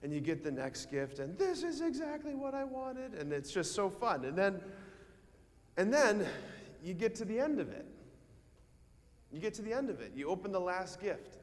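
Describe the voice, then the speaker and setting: A male priest giving a homily to schoolchildren, telling a childhood story in an animated way and asking them questions. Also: sits high. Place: church. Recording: long church reverb.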